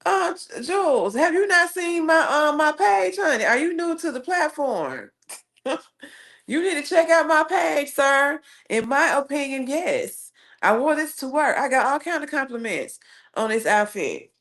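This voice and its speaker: A woman with a Southern US accent hosts a casual live stream, reading viewer comments and telling stories in a sassy, animated way. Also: high voice, a little slow. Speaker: livestream host.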